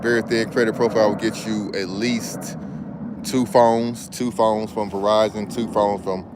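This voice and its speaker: A man with a fairly low voice talks through a casual outdoor vlog, laid-back and slangy, drifting from point to point. He speaks as a business credit consultant. A faint hum of outdoor noise sits behind him. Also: level tone, unhurried. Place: outdoors in a backyard hammock. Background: faint outdoor ambience with passing planes.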